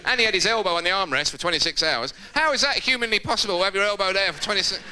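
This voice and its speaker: A man doing a live stand-up routine on a theatre stage, lively and jumping into quoted voices and shouts. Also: sits high, rapid-fire. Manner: animated, jumps into shouted impressions and quoted voices. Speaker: stand-up comedian. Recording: loud background noise, live theatre recording.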